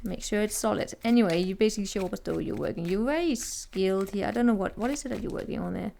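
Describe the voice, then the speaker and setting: A woman's voice: medium pitch, fast, vocal fry, warm tone. A woman giving a casual, chatty tarot reading to viewers, teasing and laughing as she talks, often restarting her sentences. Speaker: tarot reader.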